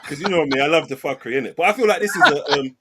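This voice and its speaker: A man's voice: on the high side, rapid-fire, over a noisy crowd. A man, co-hosting a casual football chat, joking and laughing often. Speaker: podcast co-host.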